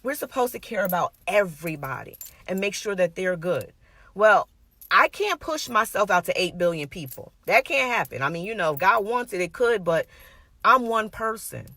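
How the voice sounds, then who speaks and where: A woman's voice: medium pitch, sing-song, normal speed, bright, forceful tone, no echo. A woman giving an earnest, conversational sermon, emphatic and personal, repeating her points. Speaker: minister.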